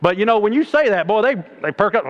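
A man preaching a sermon in a plainspoken, folksy way, swinging from loud exhortation to low mocking asides. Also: animated, quick pace, muffled recording. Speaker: preacher and middle school coach.

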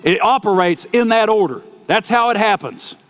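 A man preaching a sermon, telling folksy stories and swinging between loud outbursts and quiet asides. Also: high voice, expressive, moderate pace. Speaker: pastor.

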